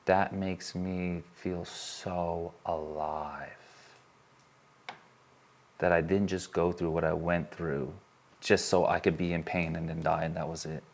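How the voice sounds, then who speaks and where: A man giving an earnest, emotional talk to a live audience from a stage, repeating phrases as he builds intensity and then softens. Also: low-pitched, flat delivery, slow pace, gravelly. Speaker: workshop speaker.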